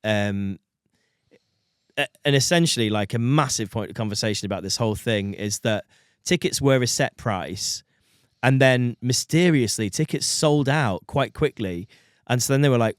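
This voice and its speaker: A man's voice: medium pitch, normal speed, no room sound, clean studio sound. A man in his thirties, a podcast co-host in casual chat, rambling and swearing. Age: 30s. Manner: rambling, swearing, many fillers and restarts.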